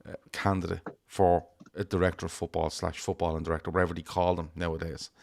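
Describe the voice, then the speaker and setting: A man's voice: deep voice, level tone, quick pace, gravelly, a little mellow. A man giving blunt, emphatic opinions in a casual fan chat, swearing freely. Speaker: fan show panelist.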